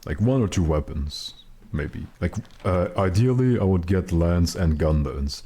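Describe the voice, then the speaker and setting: Deep, mellow-voiced man streaming a game. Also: animated, unhurried, husky. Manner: chatty, wry, self-mocking asides. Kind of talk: casual live gameplay commentary.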